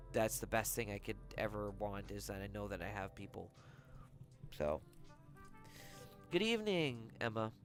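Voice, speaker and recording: A livestreamer in casual chat with viewers, talking softly and haltingly with many pauses, sounding heartfelt. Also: medium pitch. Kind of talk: casual chat to a live audience.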